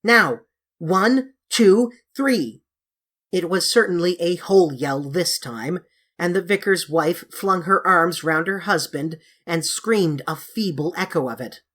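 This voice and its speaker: A woman reading a classic children's novel aloud in a measured, expressive storybook narration. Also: fairly low pitch. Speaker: audiobook reader.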